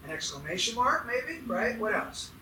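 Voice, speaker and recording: High, bright-voiced preacher in an echoey hall. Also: male voice, sing-song, moderate pace, distant mic, slight background noise. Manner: emphatic, asks the congregation questions. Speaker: pastor. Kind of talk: sermon.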